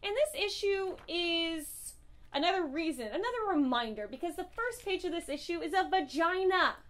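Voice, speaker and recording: High-voiced woman ranting about comics. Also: lively intonation, moderate pace, fairly bright tone. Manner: profane, impassioned and blunt. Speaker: comic book reviewer. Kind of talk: casual review vlog.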